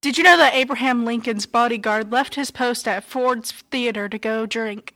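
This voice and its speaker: Female podcast co-host, higher voice, plain matter-of-fact delivery. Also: normal speed, sharp tone. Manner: matter-of-fact, reading out trivia. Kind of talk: casual podcast chat.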